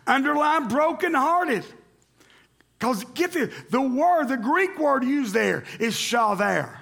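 High, gravelly preacher. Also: male voice, takes it slowly. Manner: animated preaching, rising to loud emphatic calls to the congregation. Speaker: pastor. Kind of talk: sermon. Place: church sanctuary.

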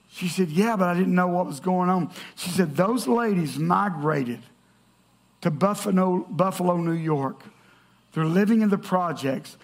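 A man's voice: high-pitched, gravelly. A man preaching a sermon, telling stories and reading scripture aloud to a congregation. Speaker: pastor.

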